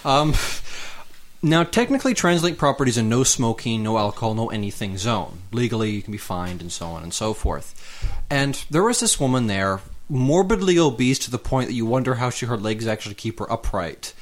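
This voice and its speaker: A man's voice: medium pitch, animated, brisk. Sardonic young man. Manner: sardonic, rambling asides. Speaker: college student, podcast regular. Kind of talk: casual storytelling.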